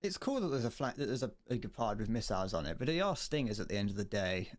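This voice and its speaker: A man's voice: fairly low pitch, big pitch swings, fast talker. A man streaming a game, chatting casually, rambling and joking with viewers and swearing freely. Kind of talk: casual gameplay commentary.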